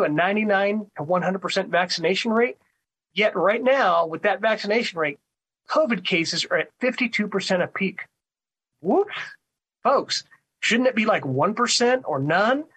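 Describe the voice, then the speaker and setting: Husky-voiced man hosting a talk show. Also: high voice, normal speed, fairly bright tone, rough recording. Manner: conversational, repeats words, frequent "right?". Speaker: radio talk show host. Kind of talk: monologue commentary.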